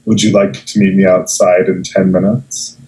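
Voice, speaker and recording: A man's voice: low voice, flat delivery, normal speed, warm tone, close to an everyday voice, low-quality recording. A man voicing a blood-splattered adventurer who flirts in a dry, mock-suave way in a tabletop game.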